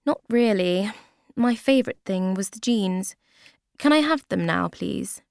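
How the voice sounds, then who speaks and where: A woman voicing an adult female shop customer who talks loudly and indignantly while reading a storybook aloud. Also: mid-range voice, lively intonation, unhurried, gravelly, no room sound, clean studio sound. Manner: loud, indignant.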